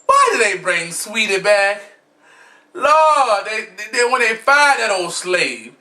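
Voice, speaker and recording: A man's voice: high-pitched, very animated, slow pace, bright, forceful tone. A man giving a sassy, flamboyant, blunt gossip commentary as a vlogger, recording himself at home. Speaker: vlogger recapping a reality show. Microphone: camera mic, self-recorded.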